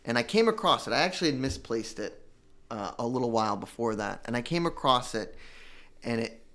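A man giving an emotional personal testimony about recovery, earnest and halting, with many restarts. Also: medium pitch, lively intonation, a bit bright. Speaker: guest telling his recovery story.

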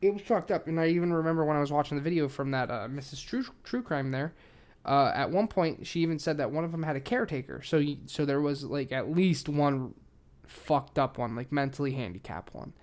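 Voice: mid-range voice, a little fast, a little mellow. A casual podcast host talking through a true-crime case, swearing constantly and rambling with lots of fillers. He admits to being a little tipsy, and the delivery stays loose and informal.

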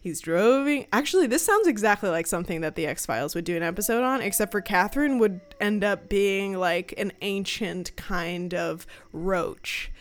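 Chatty woman with a lively voice. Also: medium pitch, moderate pace, hardly any pauses. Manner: chatty, swears freely, many fillers like "like". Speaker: podcast co-host telling ghost stories. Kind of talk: casual storytelling chat.

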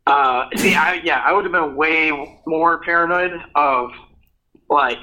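A man's voice: a little high, measured pace, muffled recording, background noise. A man in his thirties co-hosting a podcast, talking casually with lots of fillers and asides. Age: 30s. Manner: rambling, filler-heavy questions. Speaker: podcast co-host. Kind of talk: casual chat.

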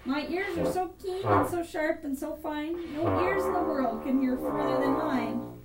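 A woman voicing a boastful male rabbit for a storybook, bragging in a lively voice. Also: sits high, unhurried, over loud music, exaggerated voice. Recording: echoey room, mic far off, with instrument playing.

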